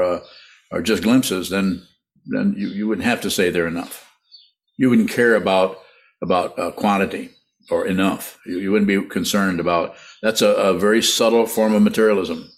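Halting low-voiced man teaching meditation. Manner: halting, repeats words, laughs often. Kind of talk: live online teaching, answering questions.

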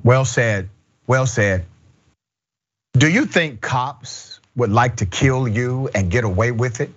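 A man's voice: medium pitch, slow pace, lo-fi sound. A man hosting a news commentary show, talking in an indignant, emphatic way. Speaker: host.

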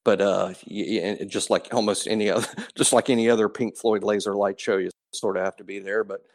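A man's voice: fairly low pitch, flat delivery, fairly quick. A man co-hosting a sports podcast, rambling and breaking off his own sentences as he talks football. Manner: rambling, self-interrupting. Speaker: podcast co-host. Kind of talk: casual sports chat.

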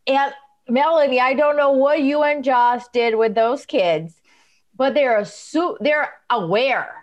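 A woman's voice: sits high, measured pace, highs cut off. A woman co-hosting a podcast in casual chat, enthusiastic and effusive. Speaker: podcast co-host.

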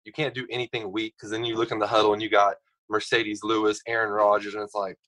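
Young man, low voice, lively storytelling. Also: quick pace, rough recording. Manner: animated storyteller, acts out others' lines. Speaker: guest. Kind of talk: casual storytelling.

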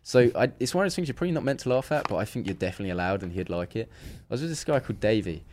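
A mid-range male voice races through a story on a podcast, with a little hiss or hum in the background. The guest keeps it casual and animated, acting out the dialogue and restarting frequently.

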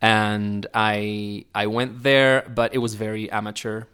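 Argentine man, relaxed podcast guest. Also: fairly low pitch, a little slow, smooth. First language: Spanish. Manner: friendly, easygoing, with fillers and laughs. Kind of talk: casual interview chat.

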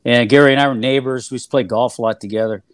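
A man's voice: medium pitch, fairly even intonation, racing, no echo. An older man looks back on his playing and broadcasting years in an easygoing interview. He circles around his points with fillers and restarts. His voice is close and dry. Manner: rambling, filler-heavy recollection with frequent restarts. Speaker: former player and TV analyst, guest. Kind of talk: relaxed interview storytelling.

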